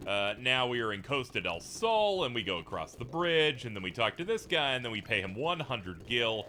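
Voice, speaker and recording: Animated man doing let's play commentary; bright, cutting voice, swears and laughs a lot. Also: mid-range voice, moderate pace, slight background noise. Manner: animated, profane, laughing asides. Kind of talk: video game commentary.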